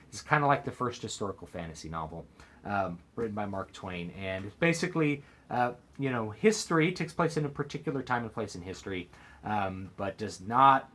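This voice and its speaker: Low-voiced man hesitantly recommending books. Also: fairly bright tone. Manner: hesitant, many fillers and restarts. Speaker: author and book vlogger. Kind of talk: casual book-recommendation vlog.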